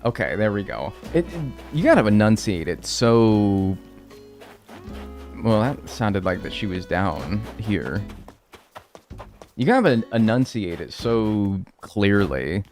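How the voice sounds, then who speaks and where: Male streamer, lowish voice, very animated pitch, casual, profane, jokey, talks to chat. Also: takes it slowly, soft background music. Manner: talks to chat and thanks subscribers. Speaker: game streamer. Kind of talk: live-stream gameplay commentary.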